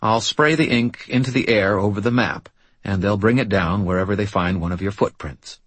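A man voicing a weary bald male medium who talks in a quiet, measured, rasping way. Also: fairly low pitch, no echo. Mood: calm, focused.

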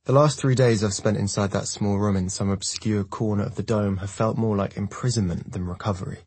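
Man narrating a novel in first person, low and husky, dry close sound. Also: steady tone, a little fast, darkish tone, no room sound. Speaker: audiobook narrator. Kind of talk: scripted narration.

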